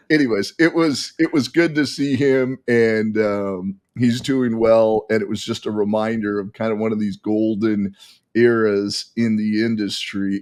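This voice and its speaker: A man telling animated, rambling stories as a guest in a casual podcast chat. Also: fairly low pitch. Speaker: golf equipment testing guest.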